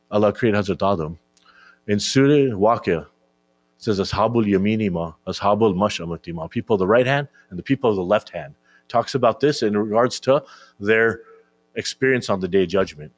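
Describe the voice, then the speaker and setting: A man with a lowish voice, recorded dry, delivers a conversational sermon to young listeners at a religious gathering. He keeps asking "right?" and repeats words while searching for what to say next.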